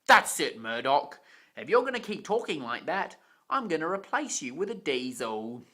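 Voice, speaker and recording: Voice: mid-range voice, very animated, normal speed, bright, forceful tone. A reader doing the Fat Controller, stern and scolding. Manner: severe, scolding. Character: stern, pompous railway boss. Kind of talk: amateur storybook reading.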